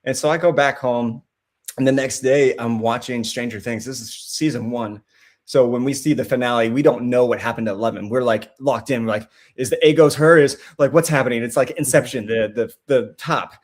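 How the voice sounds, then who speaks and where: A man's voice: medium pitch, fairly quick. A man, an actor and guest on a podcast, telling a casual anecdote and acting out the voices of the people he quotes. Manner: lively storyteller, acts out quoted voices.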